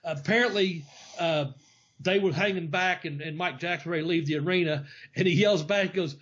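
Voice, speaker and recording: A man with a fairly high voice, hosting a wrestling podcast in a loose, rambling way and laughing as he tells stories. The audio is dull and lo-fi. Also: a little fast, fairly bright tone. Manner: rambling storyteller, laughs often. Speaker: podcast host, former wrestler. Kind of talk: casual podcast chat.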